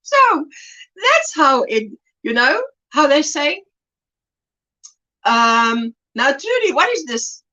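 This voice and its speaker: A woman's voice: sits high, sing-song, extremely slow, long pauses, pushed and bright, highs cut off. A woman with a South African accent hosting a casual crochet livestream, chatty and laughing often as she reads the chat aloud from her phone.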